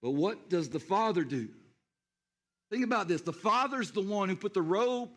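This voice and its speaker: A man preaching a sermon in a high-pitched voice. He is animated and talks straight to the congregation, pulling them in with questions. He acts out the scenes he describes. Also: normal speed. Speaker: pastor.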